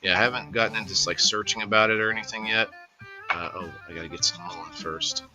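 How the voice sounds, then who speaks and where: A man's voice: fairly low pitch, steady tone, fast, sharp tone, soft background music. A man hosting a casual livestream, rambling in an easygoing way and greeting viewers by name. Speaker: livestream host.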